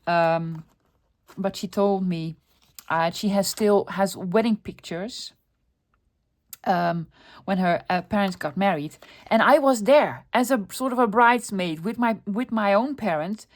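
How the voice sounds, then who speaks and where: A middle-aged woman with a medium-pitched voice hosts a crafting video at a measured pace. She chats casually, talks to herself while she works, and laughs often in this relaxed tutorial.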